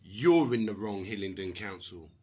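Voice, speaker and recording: A man's voice: fairly low pitch, expressive, normal speed, darkish tone. A middle-aged man from England, ranting angrily to camera, swearing and mocking others in put-on voices. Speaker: vlogger. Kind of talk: angry personal rant to camera.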